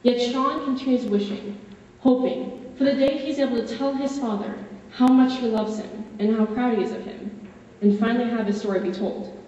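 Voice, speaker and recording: A woman's voice: on the high side, moderate pace, mellow, slight background noise. A young woman in her late teens giving a dramatic interpretation performance, narrating in the first person with earnest, emotional storytelling. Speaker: competitor. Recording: echoey hall from far off, dull.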